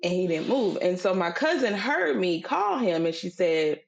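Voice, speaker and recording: A middle-aged woman with a lower-pitched voice, chatting casually as a podcast co-host. She tells a story conversationally, full of fillers, and slips into an emphatic, sermon-like delivery when she makes her point. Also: very animated, moderate pace, gravelly, dull audio, faint music behind. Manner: conversational, acts out quoted voices, turns preachy and emphatic. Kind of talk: casual faith-based storytelling chat.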